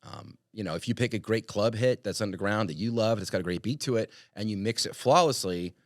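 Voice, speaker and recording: A young man, a wedding DJ, chatting on a podcast in an animated, emphatic way and laughing often. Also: lowish voice, fairly quick, no echo, clean studio sound. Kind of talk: casual podcast chat.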